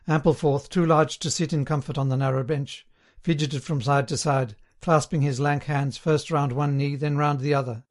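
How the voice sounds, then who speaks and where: A man reading a novel aloud as an audiobook narrator, in a measured, even storytelling manner. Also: on the high side. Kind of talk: scripted narration.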